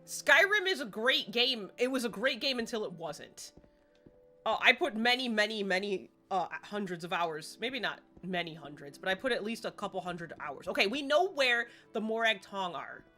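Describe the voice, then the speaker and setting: Woman streamer, chatty, self-deprecating, bright voice, faint music behind. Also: mid-range voice, very animated, normal speed. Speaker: livestreamer. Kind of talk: casual gameplay commentary.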